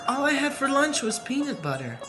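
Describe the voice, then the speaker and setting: Teen boy, cheeky and whiny, put on by a male narrator, high and swooping. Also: sing-song, music in the background. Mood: wondering. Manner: whiny, halting, playfully defensive. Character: young teenage boy hiker, breathless and cheeky.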